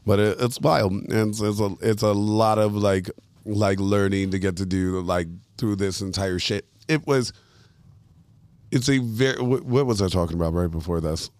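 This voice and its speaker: A male podcast host with a lowish voice who rambles through casual chat and swears freely. His thoughts wander off mid-sentence, and the sound is dry and close. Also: steady tone, moderate pace, a little mellow, dry recording.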